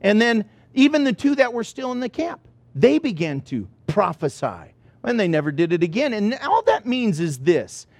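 A man preaching a sermon, telling personal stories in an animated way and acting out the dialogue. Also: high voice, moderate pace, dry recording. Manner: animated storyteller who acts out dialogue.

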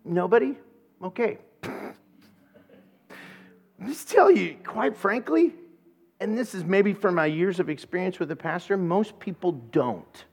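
A man preaching a sermon, telling a funny personal story in an animated way and acting out the voices of the people in it. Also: sits high, unhurried, pauses often. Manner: animated storyteller, acts out voices and laughs at his own jokes. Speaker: pastor.

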